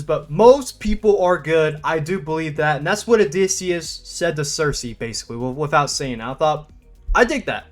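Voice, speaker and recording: A young man talks through a film in a loose, rambling review, stumbling over restarts and fillers. His voice sits a bit high, and he jumps into animated, laughing bursts. Faint music plays softly behind him. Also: normal speed. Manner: rambling, stop-start, many fillers and restarts. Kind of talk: casual spoken movie review.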